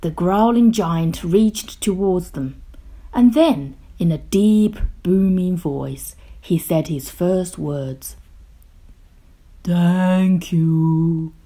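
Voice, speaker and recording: A woman reading a children's picture book aloud, slow, gentle and expressive, sometimes dropping to a hush. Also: on the low side, husky. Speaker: storyteller.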